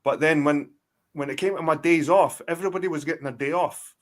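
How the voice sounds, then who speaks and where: A man's voice: a little high, brisk. A Scottish man in his forties, a guest in a casual chat, telling rambling, profane stories full of restarts over a video call. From Scotland. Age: 40s.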